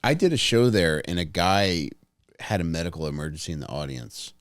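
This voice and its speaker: A man with a very low voice hosts a casual podcast, telling stories in a laid-back way. The recording is dry and close. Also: animated, a little fast, clear, resonant tone, dry recording. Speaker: podcast host. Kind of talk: casual chat.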